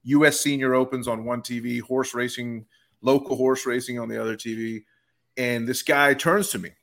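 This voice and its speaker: A young man on a sports podcast, casually telling an animated story and putting on the voices of people he met. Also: medium pitch, moderate pace, creaky. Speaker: podcast co-host.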